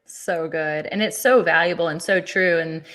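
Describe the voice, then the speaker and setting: A woman's voice: fairly low pitch, moderate pace, a bit bright. A woman hosting a podcast interview, chatting casually with enthusiasm and emphatic energy. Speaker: podcast host.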